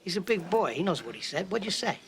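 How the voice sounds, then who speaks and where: A touchy, needling mobster. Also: male voice, high-pitched, sing-song, fast talker, crowd noise. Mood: menacing needling. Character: touchy, menacing mobster man, middle-aged. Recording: film clip with music behind.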